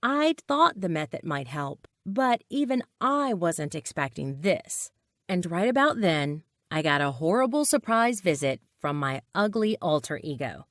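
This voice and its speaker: A woman's voice: lowish voice, very animated, a little slow, no echo, clean studio sound. A woman narrating a dramatic personal story in a scripted read.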